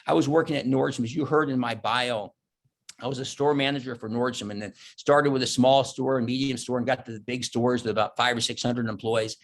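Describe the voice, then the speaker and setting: A middle-aged man gives a motivational keynote at a virtual conference, an animated storyteller who acts out his own inner thoughts and quotes. His voice is mid-range and a little fast.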